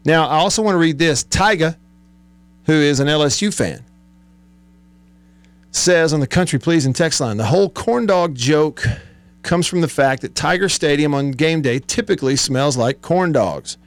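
A man's voice: a little high, animated, moderate pace, clear, resonant tone, no room sound. Chatty man hosting radio. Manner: chatty, laughs often, gets worked up. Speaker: sports radio host. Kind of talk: casual radio talk, reading listener texts. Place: radio studio. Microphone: studio microphone.

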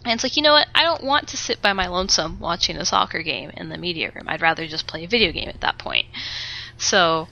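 A woman's voice: on the low side, lively intonation, fast, vocal fry, sharp tone, a little hiss or hum. A woman co-hosting a podcast, ranting animatedly in casual chat and swearing freely. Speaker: podcast co-host. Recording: dull lo-fi podcast audio.

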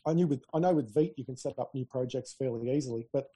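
Talking quickly in a mellow, husky, medium-pitched voice, a podcast co-host keeps the tech chat casual. He's chatty and relaxed, quick to laugh and full of stories.

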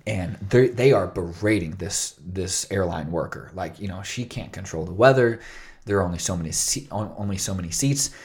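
A man's voice: low-pitched, normal speed, a little mellow. A man co-hosting a casual chat, telling a story enthusiastically with plenty of casual filler words. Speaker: podcast co-host.

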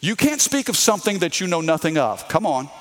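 Southern preacher with a Louisiana accent. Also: male voice, on the high side, big pitch swings, fairly quick, a bit bright. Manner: emphatic preaching with call-and-response to the congregation. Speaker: pastor. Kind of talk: sermon.

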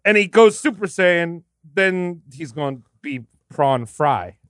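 A man co-hosting a comedy podcast, cracking goofy jokes and bursting into shouted silly voices. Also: a little high, animated, slow, no room sound, studio quality. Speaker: podcast co-host. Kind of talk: casual comedic banter.

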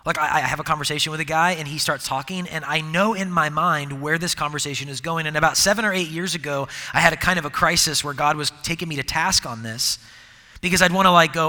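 A middle-aged man preaching a sermon, with a conversational, animated manner and many restarts. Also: fairly high pitch, a little fast. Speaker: pastor. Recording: long hall reverb.

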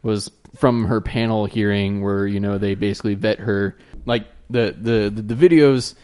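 Low-voiced man explaining in casual chat. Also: steady tone, normal speed, a little mellow, clear, resonant tone. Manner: explains things, many restarts. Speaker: podcast co-host.

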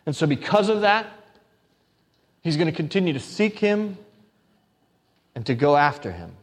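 A man preaching from the pulpit, his voice sitting a little high for a man. He moves between earnest, pleading scripture reading and casual asides to the congregation. The sound carries a long, ringing reverb from the church hall. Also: very animated, normal speed. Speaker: pastor. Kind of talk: sermon.

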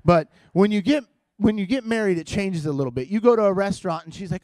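A man's voice: high voice, animated, fast, a little mellow, no echo. A man preaching as a guest in church, opening with playful, teasing, self-mocking humor to a live congregation.

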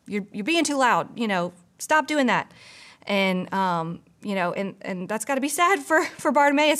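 A woman's voice: mid-range voice, fairly bright tone. A woman from a church staff giving a casual, earnest devotional, full of "you know" asides. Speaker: church pastor or staff member. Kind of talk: conversational devotional teaching.

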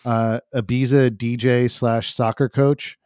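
A man's voice: mid-range voice, little pitch movement, a little slow, darkish tone, no echo, clean studio sound. A man hosting a casual movie podcast, rambling with many fillers and restarts.

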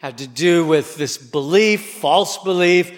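Slow high-voiced preacher in a hall. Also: male voice. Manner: passionate, rising to near shouts. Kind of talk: sermon. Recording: long hall reverb.

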